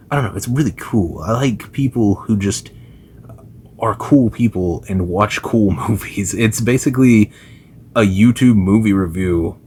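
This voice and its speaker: A man's voice: on the low side, a little mellow, a little hiss or hum. A man talking as a gaming YouTuber in loose, enthusiastic casual commentary, full of fillers and slang.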